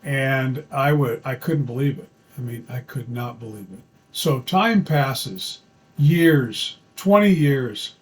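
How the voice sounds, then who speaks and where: A man's voice: mid-range voice, expressive, takes it slowly, a little hiss or hum. A middle-aged man telling a personal story in an earnest, folksy way, repeating phrases for emphasis as he gives dating advice.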